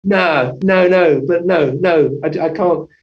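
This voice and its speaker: A man's voice: fairly high pitch, slow, dull audio. A man, a family physician, telling his story as an interview guest, rambling with many restarts and self-corrections.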